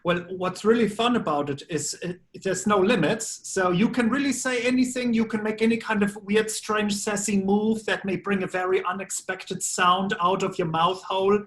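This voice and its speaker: A man's voice: high-pitched, steady tone, moderate pace, hardly any pauses, a bit bright. A man with a German accent, a voice actor answering press questions in a playful, quirky way. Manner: playful, quirky offbeat phrasing. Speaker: voice actor guest. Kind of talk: press junket interview.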